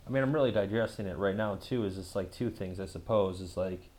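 A man talks to camera in a loose, rambling way, stacking up fillers and throwing in swear words. His voice sits on the low side for a man. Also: fairly quick, darkish tone. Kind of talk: casual storytelling vlog.

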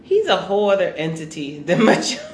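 A woman in her thirties co-hosting a casual chat, animated and quick to laugh. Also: lowish voice. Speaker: podcast co-host. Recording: echoey room with faint noise.

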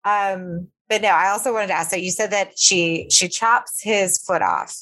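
A woman's voice: medium pitch, animated, moderate pace, fairly bright tone. A young woman chatting casually on a podcast, laughing often and trailing off mid-sentence. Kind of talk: casual chat.

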